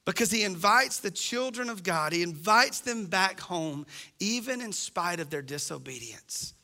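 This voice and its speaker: A man's voice: sits high, lively intonation, unhurried, sharp tone. A middle-aged man preaching a sermon as pastor, impassioned and acting out the voices he quotes.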